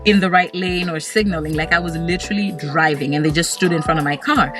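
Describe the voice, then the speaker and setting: A woman vlogger telling a story in an animated, casual way, with lots of "like" fillers. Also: on the low side, fast talker, music in the background.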